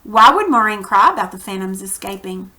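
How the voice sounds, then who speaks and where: A woman's voice: medium pitch, a little fast. A woman teaching a reading lesson to children and acting out quoted lines. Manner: animated, acts out quoted lines. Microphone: computer mic for recorded lesson.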